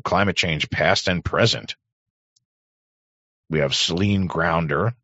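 A man hosting a talk show, rambling in crude, sarcastic casual commentary with a hoarse voice. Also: rumbling low, lively intonation, normal speed, a bit bright, dry recording, muffled recording. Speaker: podcast host.

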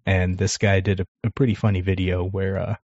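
Male co-host, low and flat, husky, easygoing, dry muffled audio. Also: fairly quick, no room sound. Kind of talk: casual chat.

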